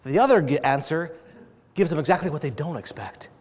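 A man's voice: a little high, expressive, brisk, husky. A man preaching a sermon in a conversational way, asking the audience questions and acting out little dialogues. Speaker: pastor.

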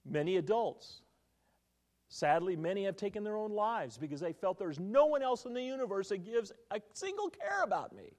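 Lively, animated man preaching a sermon. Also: sits high, normal speed. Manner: animated storytelling, quizzing the congregation. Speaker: pastor.

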